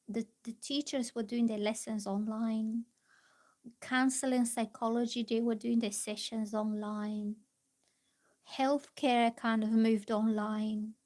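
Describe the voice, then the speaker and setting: Woman reading tarot on a live stream; somewhat high pitch, easygoing, reassuring, lots of fillers. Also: mellow. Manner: chatty, reassuring, rambling with fillers. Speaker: tarot reader.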